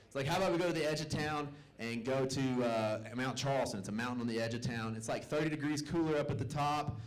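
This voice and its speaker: This young comedian talks fast in a mid-range voice, spinning Southern-flavored family tales and impersonating his relatives for a live club audience. The recording is of poor quality.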